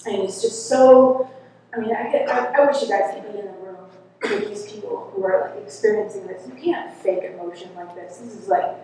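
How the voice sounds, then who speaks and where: A woman's voice: mid-range voice, expressive, moderate pace, mellow, a little hiss or hum. A woman who is a hypnotherapist, telling the story of a session on stage in a casual, chatty way, full of asides to a live audience. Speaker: hypnotherapist presenter. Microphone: recorded for the room, far from the recorder. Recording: distant, echoey hall recording with faint ambience.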